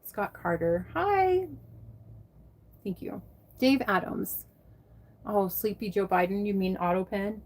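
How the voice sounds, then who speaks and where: A woman from the United States hangs out on a livestream, responding to viewers by name and cursing freely as she chats. Her medium-pitched voice is steady and unhurried.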